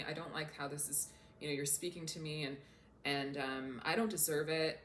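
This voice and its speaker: A woman with a fairly low voice talks casually to her camera as a coach. She sounds earnest and openly emotional. The room is echoey, with a faint hum underneath. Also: steady tone, normal speed, a bit bright. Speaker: self-development coach.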